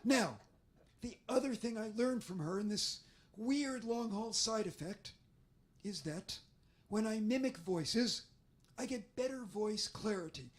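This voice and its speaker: A man with a hoarse, damaged voice speaks at a bookstore author event as a theatrical, self-deprecating storyteller. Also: high voice, animated, measured pace. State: hoarse, damaged voice after covid.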